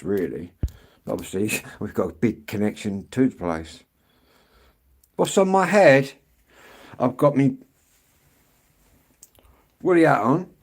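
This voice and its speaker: A man's voice: medium pitch, darkish tone. Rambling English man chatting on a stream. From England. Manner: rambling, chatty, frequent throat-clearing. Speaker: live-streamer. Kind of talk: casual live-stream chat answering viewers. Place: outdoors on an evening street walk.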